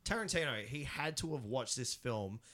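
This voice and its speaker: A man's voice: medium pitch, normal speed, a little hiss or hum. A man co-hosting a casual film chat, telling rambling stories with laughs. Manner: animated, laughing storyteller, rambling. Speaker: film podcast co-host.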